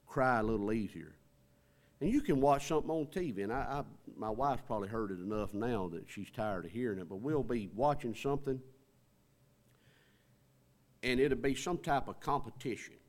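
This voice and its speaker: A man's voice: medium pitch, darkish tone. A middle-aged man, preaching a sermon in a folksy, conversational way with rising emphasis. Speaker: pastor.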